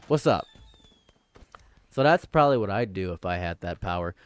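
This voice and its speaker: A man's voice: low voice, expressive, normal speed, smooth, dry recording, soft background music. Man rambling playfully with repeated jokes. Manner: playful, repetitive, jokingly villainous. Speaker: vlogger. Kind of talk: casual rambling commentary.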